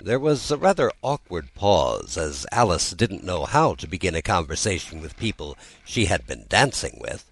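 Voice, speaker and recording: A man reading a classic storybook aloud as narrator, with an expressive delivery. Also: low voice, normal speed, gravelly, few pauses, breathy edge, rough recording. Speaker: audiobook narrator.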